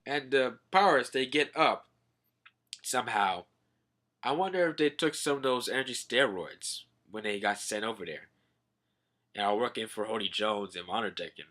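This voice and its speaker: A young man recapping a comic in casual slang, excitable and swearing. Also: fairly low pitch, normal speed. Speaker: manga recap host.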